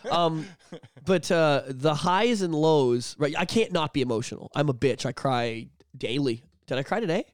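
A man co-hosting a podcast talks openly and swears freely, now and then breaking into loud shouted bits. His voice sits a little high. The sound is dry and close. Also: expressive, moderate pace, no room sound. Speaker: podcast co-host. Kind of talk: candid casual chat.

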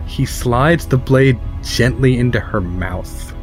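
A man's voice: mid-range voice, slow pace. A male podcast host reading out script directions for a comic dramatic reading. His voice sits in a middle range, he keeps breaking into chuckles, and faint music plays underneath. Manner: chuckling, reads stage directions flatly between laughs.

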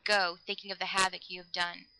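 A woman's voice: lowish voice, level tone, a little fast, pushed and bright, a little hiss or hum, poor audio. A woman reading a cold, stern old man who speaks curtly. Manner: curt, stern.

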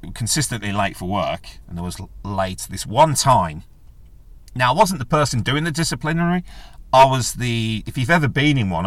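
A man's voice: lowish voice, a bit bright. A man hosting a podcast, telling rambling, wry, self-mocking stories into a webcam mic plugged into a phone. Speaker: podcast host. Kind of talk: casual anecdotal monologue. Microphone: USB webcam microphone plugged into a phone.

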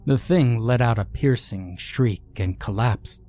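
A man narrating a scripted horror story in a measured, hushed storytelling way. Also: mid-range voice, faint music behind.

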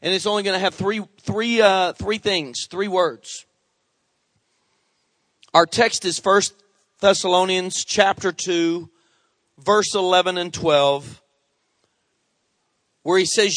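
A middle-aged male pastor preaching a sermon in an animated way, calling on the congregation for amens. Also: sits high, slow pace, long pauses, no echo.

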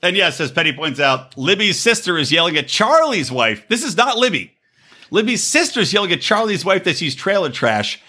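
Man, podcast host, casual profane chat, lively pitch, bright tone. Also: normal speed, breathy edge. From Los Angeles area. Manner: animated, swearing, acts out quotes in high voices.

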